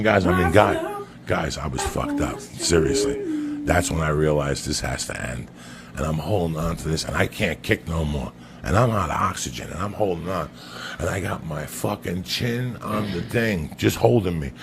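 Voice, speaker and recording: Gravelly low-voiced man, profane storyteller. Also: moderate pace. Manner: animated, swears constantly, keeps addressing the host. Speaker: podcast guest telling a story. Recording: noisy background hiss.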